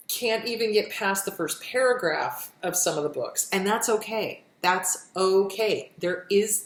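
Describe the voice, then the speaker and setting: Reassuring woman in a roomy echo. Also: medium pitch. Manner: gentle and reassuring, repeats phrases, frank. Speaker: self-help coach answering viewer questions. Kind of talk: casual advice talk, reading and answering questions.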